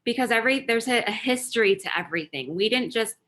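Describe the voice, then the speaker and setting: A woman summing up a panel discussion on an online event, measured and deliberate, listing points one after another. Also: fairly high pitch, expressive, sharp tone. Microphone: video call.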